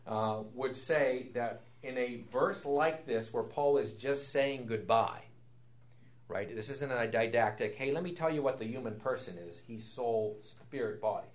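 A man teaching a Bible lesson, lively and explanatory, asking rhetorical questions and answering them himself, rising in pitch and volume when he quotes Scripture. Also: a little slow. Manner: animated, rises sharply when quoting Scripture. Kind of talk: classroom Bible lecture.

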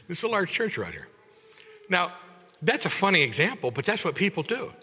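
A man preaching a sermon in church, teaching with animated emphasis and acting out congregants in voices. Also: high voice, fairly quick, slightly rough, long reverb tail. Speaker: pastor.

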